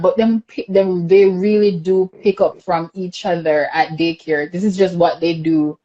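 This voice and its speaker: Lo-fi sound carries the mid-range voice of a young adult woman with a Jamaican accent, speaking at a moderate pace. She hosts a casual talk-show podcast, chatting animatedly and laughing a lot while going through viewer comments.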